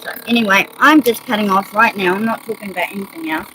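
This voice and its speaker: A woman's voice: mid-range voice, fast, sharp tone, a little hiss or hum, low-quality recording. A woman with a New Zealand accent, ranting agitatedly in a rambling monologue and swearing often.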